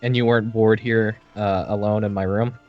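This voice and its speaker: A man's voice: lowish voice, flat delivery, normal speed, dull audio, soft background music, lightly acted. A man voicing an awkward, shy, chivalrous young man who talks hesitantly and sighs. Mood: subdued. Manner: hesitant, sighing, flustered.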